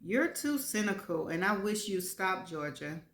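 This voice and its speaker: A woman's voice: medium pitch, expressive, unhurried, a bit bright. A woman voicing a sassy, bossy middle-aged female best friend who teases and scolds bluntly. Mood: teasing. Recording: roomy echo.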